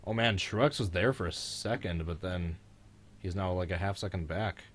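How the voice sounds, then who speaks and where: Deep-voiced joking young man. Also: moderate pace. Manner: joking, excitable, mild swearing. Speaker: host of a live-streamed racing reaction show. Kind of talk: casual live-stream race commentary.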